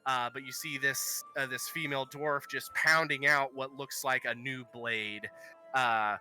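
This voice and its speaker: Slow, halting man running a tabletop game, crisp bright tone. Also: medium pitch, fairly even intonation, a little hiss or hum. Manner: halting, many ums and uhs. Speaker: game master.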